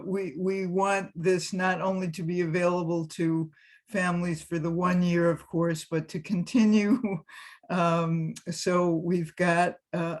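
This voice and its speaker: A webinar presenter giving a training talk over a video call, halting with many fillers and restarts. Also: medium pitch.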